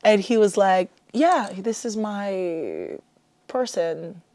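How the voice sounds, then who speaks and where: Young woman from haiti rambling on her podcast, warm mellow tone, lots of likes, dry close sound. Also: medium pitch, expressive, takes it slowly, no echo. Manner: chatty and self-deprecating, with lots of "like". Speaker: podcast host. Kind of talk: casual solo podcast chat.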